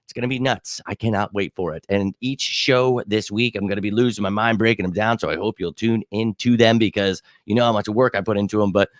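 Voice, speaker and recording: A man in his thirties hosting a live sports fan show, chatting casually and excitedly, swearing freely and using many fillers. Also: on the low side, brisk, hardly any pauses, no room sound, studio quality. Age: 30s. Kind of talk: casual live-stream chat.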